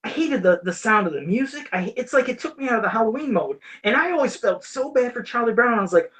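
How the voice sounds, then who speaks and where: A man's voice: extremely high pitch, lively intonation, quick pace, a bit bright. A man hosting a podcast in casual chat, rambling, laughing often and swearing casually. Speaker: podcast host.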